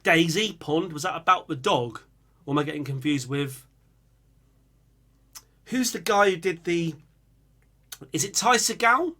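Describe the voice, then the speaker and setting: A man's voice: a little high, animated, unhurried, long pauses, sharp tone. A young man hosting a casual music reaction, humming and singing riffs as he muses aloud over viewer picks.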